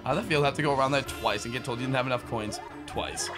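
A man hosting a casual gaming session with friends, excitable and quick to laugh and shout. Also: mid-range voice. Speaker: host. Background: game music.

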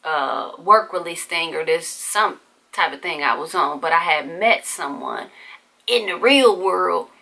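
A woman's voice: lowish voice, expressive, a little slow, creaky, sharp tone. A woman vlogger telling a candid personal story in casual, profane, conversational speech.

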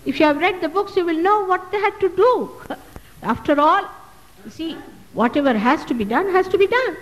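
A woman's voice: very high voice, lively intonation, normal speed, long reverb tail, poor audio. A woman, a spiritual teacher answering audience questions at a public talk, emphatic and full of rhetorical questions. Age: 60s. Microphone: loudspeaker microphone.

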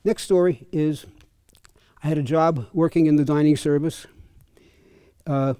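A man's voice: fairly high pitch, steady tone, a little slow, mellow, clean tone, no echo, clean studio sound. An older man and fencing coach, telling chatty, chuckling anecdotes at a clinic. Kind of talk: casual anecdotal storytelling.

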